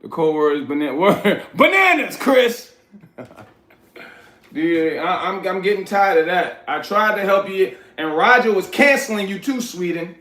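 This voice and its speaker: New guy on a livestream, blunt and preachy, kinda high voice, echoey room. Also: moderate pace, fairly bright tone. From New York. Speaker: livestream host. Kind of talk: casual livestream chat, reading chat aloud.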